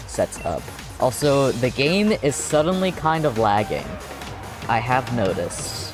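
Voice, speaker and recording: Man streamer, unhurried giggly commentary, mid voice, soft game music behind. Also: medium pitch, sing-song. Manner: giggly, thinks aloud with restarts. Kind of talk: casual gameplay commentary.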